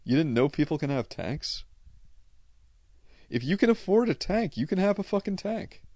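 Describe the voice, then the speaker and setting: A man's voice: a little high, big pitch swings, moderate pace, darkish tone, dry recording. A man from Connecticut with a New England accent, chatting casually and bluntly, swearing freely as he answers viewer questions. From Connecticut, USA. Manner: profane, blunt, rambling. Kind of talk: casual unscripted chat.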